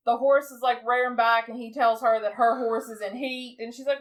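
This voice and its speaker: A woman's voice: a little high, fairly even intonation, normal speed, fairly bright tone. A woman in her thirties co-hosting a podcast, chatting casually as she retells a movie and acts out its lines. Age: 30s. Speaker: podcast co-host. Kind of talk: casual film recap chat.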